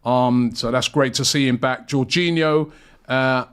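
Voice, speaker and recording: A man's voice: medium pitch, steady tone, measured pace, a bit bright, smooth. A man hosting a casual football chat show, chatty and rambling with lots of fillers. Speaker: show host.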